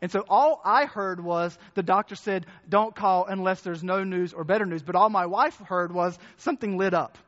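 High-voiced pastor in an echoey hall. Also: male voice, moderate pace, few pauses, fairly bright tone. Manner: conversational, restarts and repeats words, asks the congregation questions. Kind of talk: sermon. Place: church hall with congregation. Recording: muffled, echoey church hall.

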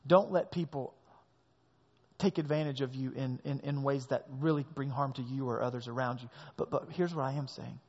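A man's voice: medium pitch, normal speed, darkish tone. A man preaching a sermon as pastor, leaning hard on key words, recorded in a large hall with a long echo and a dull sound.

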